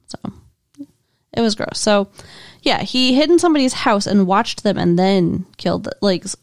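A woman co-hosting a casual movie discussion, blunt and quick to groan in disgust. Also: medium pitch, animated, no echo, clean studio sound. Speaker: podcast co-host.

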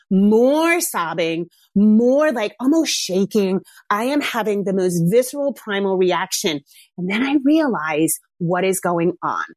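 A middle-aged woman, a mother, telling a candid personal story in a reflective, casual way. She grows animated when she quotes herself. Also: medium pitch, no echo.

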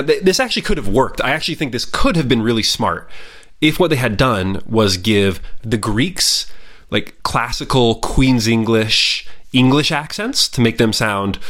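A man with a lowish voice talks through a historical film in an easy, unscripted way. He sounds opinionated and chatty, often restarting his sentences and adding small asides as he goes. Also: a bit bright. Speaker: history commentator. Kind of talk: casual spoken review.

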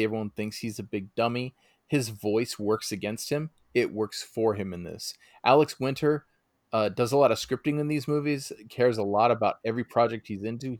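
A man co-hosting a casual podcast, his voice at an ordinary middle pitch. He speaks in a measured, hesitant way, pausing on frequent uhs, and the sound is close and dry. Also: no echo. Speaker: podcast co-host.

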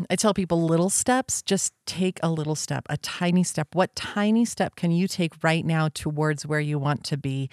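A woman co-hosting a podcast in casual, enthusiastic conversation, breaking into animated voices when she quotes others. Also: sits low, no room sound, studio quality.

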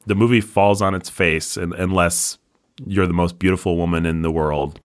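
A man with a low, dark voice co-hosts a casual film podcast. He talks in an easygoing, animated way and drops into playful voices now and then. The sound is close and dry. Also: normal speed, no echo. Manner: animated storyteller, slips into voices. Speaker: podcast co-host.

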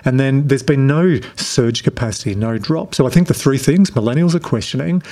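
A middle-aged Australian man with a relaxed, conversational manner, answering interview questions as a productivity coach. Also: medium pitch, a little fast. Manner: relaxed, conversational, frequent restarts.

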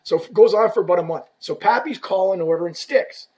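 A middle-aged man telling a lively, profane workplace story in a casual chat, acting out the people he quotes. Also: high voice, brisk, noisy background. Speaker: guest telling stories from work as a stick rep.

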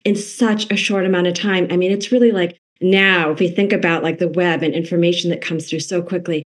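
Author guest, woman from Massachusetts, eager and fan-like, lower pitch. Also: fairly even intonation, a little fast. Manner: eager, fan-like, self-interrupting. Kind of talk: casual interview chat.

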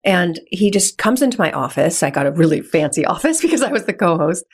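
A woman, a guest on a podcast, telling stories in an animated way, often laughing and acting out dialogue. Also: fairly low pitch, fairly quick, husky. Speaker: podcast guest, real estate investor. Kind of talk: conversational storytelling.

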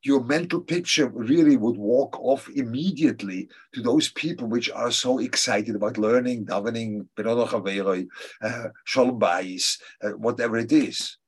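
With a medium pitch and a breathy edge, a man teaching religion responds to students' questions. He pauses often as he considers his words and repeats key phrases to stress them.

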